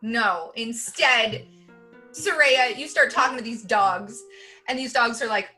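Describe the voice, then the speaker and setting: A woman with a bright, fairly high voice narrates as game master for a tabletop game. Her delivery is casual and chatty, with plenty of fillers along the way. Faint music plays behind her. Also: unhurried.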